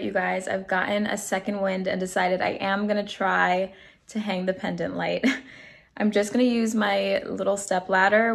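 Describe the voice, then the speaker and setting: A woman's voice: mid-range voice, gravelly. A young woman vlogging casually to camera about her apartment, chatty and upbeat, a little congested. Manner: chatty, upbeat, addresses viewers as "you guys". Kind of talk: casual vlog chat to camera. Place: apartment indoors.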